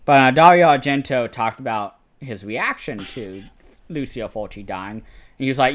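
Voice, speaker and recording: A man's voice: medium pitch, expressive, moderate pace. A young man in casual chat as a co-host, telling stories bluntly, swearing freely and sounding indignant. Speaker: podcast co-host.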